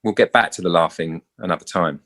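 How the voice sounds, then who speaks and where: A middle-aged English actor, a guest in a casual interview, telling stories animatedly and acting out quoted voices. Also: male voice, low-pitched, fast, fairly bright tone. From England.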